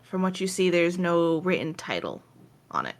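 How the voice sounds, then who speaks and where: A woman's voice: fairly low pitch, huge pitch swings, moderate pace. A woman narrating as game master, describing scenes in detail and correcting herself as she goes.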